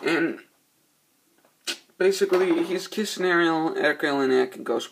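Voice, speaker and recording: A man's voice: a little high, normal speed, vocal fry, breathy edge. A man giving a rambling, profane, laid-back spoken movie review. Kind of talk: casual spoken film review.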